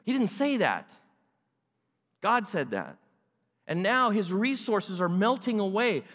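A man preaching to a congregation with a fairly high voice that climbs and swoops as he acts out the story in character. A long reverb from the hall trails after every phrase. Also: big pitch swings, unhurried, long pauses, fairly bright tone. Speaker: pastor. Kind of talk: sermon.

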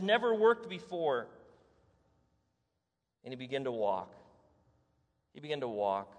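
A man's voice: medium pitch, very animated, unhurried, long pauses. A male preacher giving a sermon, telling the story dramatically, acting out the scenes and asking the congregation rhetorical questions. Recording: echoey hall.

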